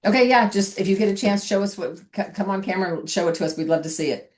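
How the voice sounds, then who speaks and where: A woman's voice: mid-range voice, fast talker, a little mellow. A middle-aged woman on a video call, chatting casually as she coaches a sales team and acts out talks with customers.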